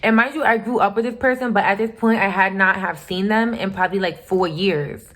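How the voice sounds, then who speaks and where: Young adult woman vlogger, casual storytime delivery, blunt and profane, mid-pitched. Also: a little fast, fairly bright tone. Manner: candid, profane, emphatic retelling.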